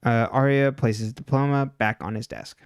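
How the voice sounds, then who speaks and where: Give me a mid-pitched man co-hosting a podcast, talking loosely and quickly through a TV recap. He fills his speech with "like" and "um" and laughs often. The recording is dry and close, with no room echo. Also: fairly even intonation, smooth. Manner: chatty, heavy on "like" and "um", laughs often. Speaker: podcast co-host. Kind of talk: casual episode recap.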